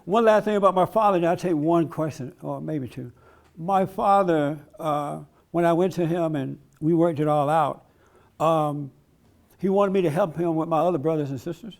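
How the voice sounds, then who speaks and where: A man's voice: fairly high pitch, moderate pace. A man giving a blunt, emphatic preaching-style talk at a conference, laughing along with his audience. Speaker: conference speaker.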